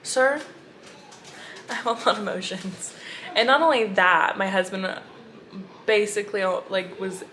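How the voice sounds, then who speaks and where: A woman's voice: mid-range voice, a little slow, pauses often, background noise. A young woman chatting casually on her book vlog, gushing and telling stories to her viewers. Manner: gushing, animated storytelling to viewers. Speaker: book vlogger.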